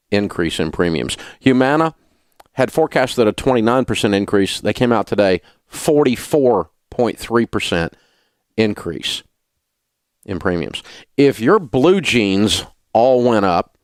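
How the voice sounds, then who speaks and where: A man's voice: medium pitch, no room sound, studio quality. A middle-aged man hosting a talk radio show, ranting in an indignant, sarcastic way. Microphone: studio mic.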